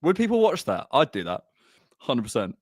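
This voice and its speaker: A man's voice: mid-range voice, huge pitch swings, moderate pace, no echo. A man hosting a live podcast, out of breath and bantering in a joking, chatty way. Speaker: podcast host. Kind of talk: casual live podcast chat.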